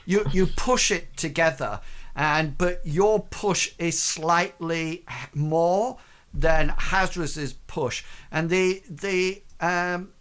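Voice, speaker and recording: A man's voice: a little high, takes it slowly, a bit bright. A man narrating a tabletop game as game master, rambling with many fillers.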